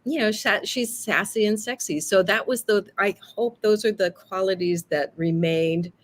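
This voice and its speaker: A middle-aged woman, an actress and teacher, telling lively stories in a casual interview and acting out what others said. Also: medium pitch, moderate pace. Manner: lively storytelling, quotes others in acted voices.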